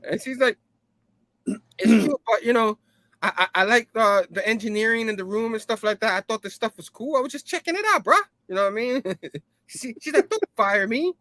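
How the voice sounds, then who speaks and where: A man hosts a loose comic book recap, paraphrasing the dialogue instead of reading it and breaking into laughs as he goes. His voice sits high and bright. The sound is dry and close, with no room around it. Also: dry recording. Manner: laughs often, repeats "you know what I mean"; loosely acts out characters' lines. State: hot and sipping a drink. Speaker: comic book review host.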